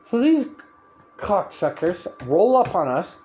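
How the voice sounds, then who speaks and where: A man hosting a podcast, telling a story in a loud, profane, animated rant and acting out what people said. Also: high-pitched, slow pace, highs cut off, slight background noise. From Canada. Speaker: podcast host.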